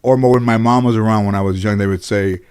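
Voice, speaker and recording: A man from Los Angeles telling stories from his childhood as a guest, animated and casual, swearing freely and restarting his sentences often. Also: on the low side, fast talker, clean tone. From Los Angeles, USA. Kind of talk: casual storytelling in a conversation.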